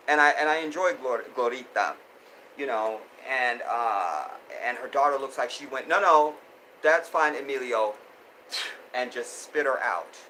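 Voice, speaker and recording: A man's voice: mid-range voice, sharp tone, a little hiss or hum, rough recording. A man hosting a casual live stream, reading viewer comments aloud and reacting with lots of laughter and repeated phrases. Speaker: host.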